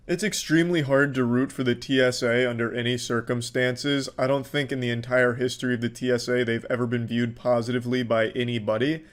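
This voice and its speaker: A young man giving sardonic reaction commentary in a deadpan way, swearing a lot. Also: medium pitch, fairly quick, few pauses. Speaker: commentary YouTuber.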